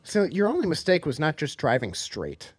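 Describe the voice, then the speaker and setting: A man co-hosting a podcast, teasing and reacting quickly in casual chat. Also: on the high side, wildly swooping pitch, breathy edge, dry recording. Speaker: podcast co-host.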